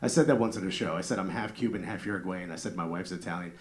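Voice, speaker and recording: Low-pitched and fast-talking, a New Jersey–accented man in his thirties performs a brash, profane stand-up set and riffs with the crowd at a comedy club. The live club audio carries loud crowd laughter.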